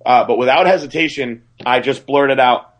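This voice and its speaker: Man telling a story, animated and profane. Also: medium pitch, normal speed, slight background noise. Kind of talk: casual storytelling on a podcast.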